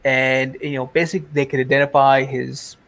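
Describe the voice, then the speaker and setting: A man's voice: mid-range voice, level tone, a little fast, a bit bright, a little hiss or hum. A man describing his character's actions in a tabletop game, hesitant and full of fillers. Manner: hesitant, many fillers and restarts. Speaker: player.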